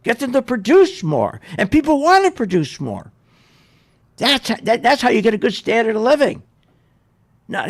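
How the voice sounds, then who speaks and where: A man hosts a radio show, ranting sarcastically in opinionated market commentary. His voice sits high for a man and has a gravelly fry running through it. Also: wildly swooping pitch, normal speed. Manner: ranting, sarcastic, mocks others in put-on voices.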